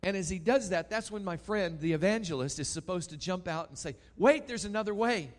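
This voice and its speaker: A man preaching a sermon, telling a story dramatically and swinging between loud and hushed. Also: sits high, fairly quick.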